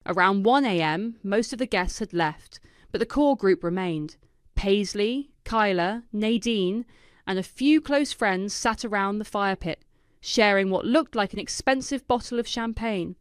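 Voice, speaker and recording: A woman reading a first-person drama story in a dry, knowing, quietly vindictive manner. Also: mid-range voice, measured pace, clear, resonant tone, dry recording. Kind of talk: scripted first-person narration.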